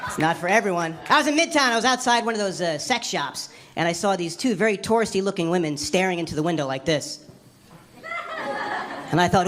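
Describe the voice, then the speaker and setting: A woman doing a stand-up comedy set on a club stage, wry and animated, jumping into squealy voices for the people she quotes. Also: mid-range voice, fast, background noise. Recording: live club recording with crowd laughter. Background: audience laughing.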